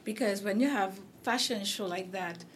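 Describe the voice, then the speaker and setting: A woman's voice: medium pitch, normal speed, a little hiss or hum. A woman with a Caribbean accent hosting a casual interview chat, rambling with many fillers and restarts while she is losing her voice. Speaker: host.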